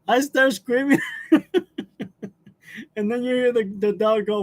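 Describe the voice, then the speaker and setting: Man, high-pitched voice, livestream host, casual chat, frequent laughter, loose rambling talk. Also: takes it slowly, long pauses. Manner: laughs often while telling stories, chatty with fillers.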